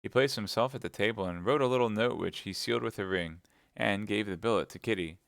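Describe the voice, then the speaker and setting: A male narrator reading an audiobook live with a measured, subdued delivery. His voice is low and smooth. The sound is dry and close. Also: a bit bright, no echo.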